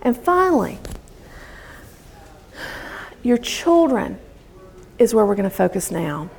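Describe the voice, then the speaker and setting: A woman's voice: fairly high pitch, slow pace, vocal fry, breathy edge. A middle-aged woman from the United States, speaking to a live audience about homeschooling and acting out quotes as she tells stories. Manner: lively storytelling, acting out quotes.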